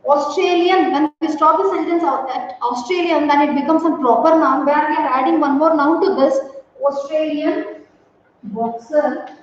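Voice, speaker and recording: A woman teaching a grammar lesson to students, speaking slowly and deliberately and repeating key words. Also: high-pitched, fairly even intonation, a little hiss or hum. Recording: roomy, echoey, distant, dull audio.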